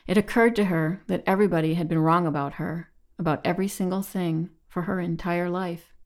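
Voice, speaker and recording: Low-voiced woman reading her story. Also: fairly even intonation, brisk. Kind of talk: literary reading.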